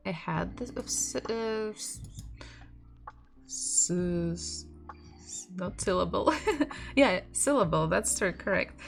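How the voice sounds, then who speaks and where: Female tutor, unhurried, faint music under her voice. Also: medium pitch. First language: Russian. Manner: explains patiently, with frequent restarts and small laughs. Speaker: language teacher. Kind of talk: online language lesson.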